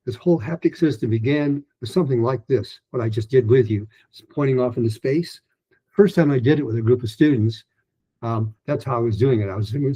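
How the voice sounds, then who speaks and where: A man leads a pronunciation lesson, his voice husky and mellow as he walks through hand movements in an easy, informal way, full of "um" and "uh". The sound is dull and muffled. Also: medium pitch. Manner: relaxed, informal, with many fillers; gestures while explaining. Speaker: pronunciation teacher. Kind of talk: online lesson.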